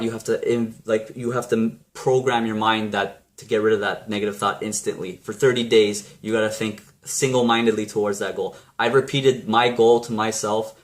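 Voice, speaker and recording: Low-voiced man giving a rambling pep talk. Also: a bit bright. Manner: rambling, blunt, with many restarts and mild swearing. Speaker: vlogger. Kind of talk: casual motivational talk to camera.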